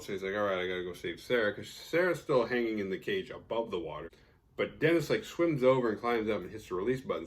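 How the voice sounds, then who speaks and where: A man's voice: mid-range voice, a bit bright. A man casually recapping a horror film, sarcastic and profane, acting out the characters' lines. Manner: profane, sarcastic, acts out quoted characters with laughs.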